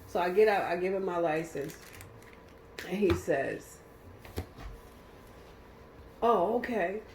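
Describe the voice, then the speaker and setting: A woman's voice: fairly low pitch, normal speed, darkish tone, slight background noise. Woman telling a personal story, emotional and vivid, recorded in an echoey room. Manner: vivid, emotional retelling with acted-out quotes. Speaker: guest telling her story. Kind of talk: casual storytelling. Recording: roomy echo.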